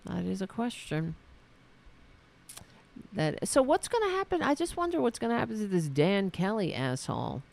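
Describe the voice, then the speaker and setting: Here the solo political show host's voice is high-pitched and sing-song, gravelly yet a little mellow. He rants furiously, sarcastic and profane, constantly stopping and starting over, with plenty of fillers along the way.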